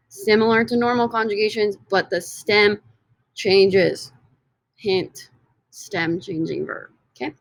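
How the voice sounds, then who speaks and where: A woman's voice: medium pitch, a bit bright, dry recording. Upbeat woman teaching over slides. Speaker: Spanish teacher. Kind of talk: recorded slide lesson.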